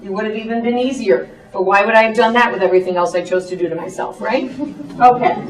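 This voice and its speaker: Chatty woman teacher, echoey room. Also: medium pitch. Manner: chatty, quick asides. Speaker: teacher presenting to parents. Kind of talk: classroom presentation. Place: presentation room. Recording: echoey room, far from the mic.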